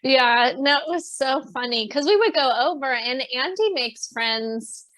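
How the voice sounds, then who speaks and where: This is a woman from Virginia speaking as a guest on a podcast. She is soft-spoken and reflective, and she giggles between thoughts. Her voice is a little high and the recording is dry and close. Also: animated, unhurried, no room sound. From Virginia, USA. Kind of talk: casual chat.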